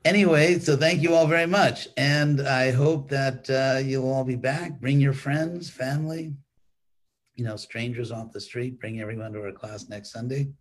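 A man's voice: medium pitch, steady tone, measured pace, a little hiss or hum. An older man, a monk, giving an informal weekly class in a rambling, conversational way with frequent restarts.

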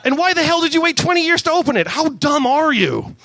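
A man's voice: high-pitched, lively intonation, fairly quick, bright, forceful tone, pitched above the performer's own voice, exaggerated voice. A man voicing a fierce, scornful green alien woman warrior in a comic reading.

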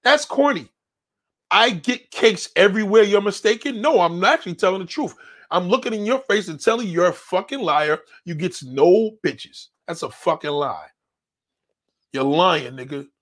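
A man's voice: high-pitched, animated, moderate pace. A man hosting a show, reading viewer comments and answering them in a blunt, confrontational rant full of swearing. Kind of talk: profane ranting commentary.

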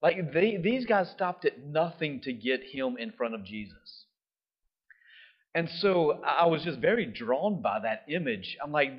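A man preaching a sermon in a lively, conversational way, often checking in with the listeners. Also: on the high side, a little slow, husky. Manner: animated, conversational, often asks "right?". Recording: dull lo-fi sound.

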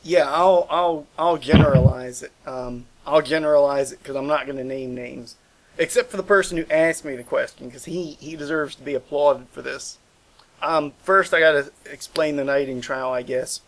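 A man's voice: a little high, rough recording. A man guest on a casual call-in radio show, talking loosely and often repeating himself.

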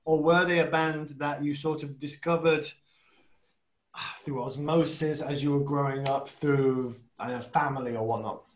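A man's voice: fairly high pitch, steady tone, moderate pace, slight background noise, low-quality recording. A man co-hosting a podcast in casual chat, chatty and self-deprecating, asking long rambling questions. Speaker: podcast co-host.

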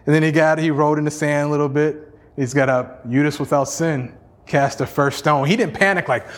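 A man's voice: on the high side, normal speed. A male pastor preaching a sermon in an emphatic, repetitive style, sprinkled with "you know" and small chuckles.

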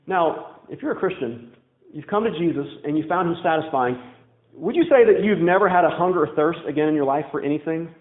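A man with a high voice delivers a conversational sermon and puts questions to his congregation. The sound is thin and phone-like, and it echoes around the church. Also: expressive, brisk. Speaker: pastor.

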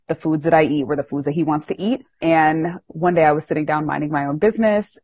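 Woman podcast host: low, husky voice, dry close sound, animated and self-mocking storytelling. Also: no room sound. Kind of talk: casual storytelling chat.

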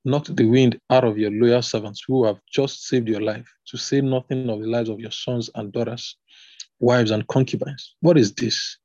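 A man reading the lines of a stern male army commander who bluntly scolds the king, in a husky voice. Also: mid-range voice, steady tone, normal speed, mellow, no room sound, dull audio, close to an everyday voice. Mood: scolding.

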